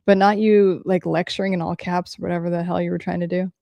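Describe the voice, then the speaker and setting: A woman's voice: lowish voice, level tone, a little fast, vocal fry, mellow, no room sound. A woman hosting a casual livestream, answering viewer comments candidly and swearing freely.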